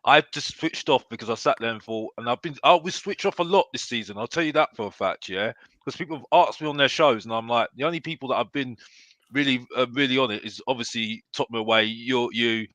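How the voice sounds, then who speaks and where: A man talking casually about football, animated and constantly tacking on "yeah?". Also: mid-range voice, brisk, no echo. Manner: animated, keeps adding "yeah?". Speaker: football podcast guest. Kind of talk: casual chat.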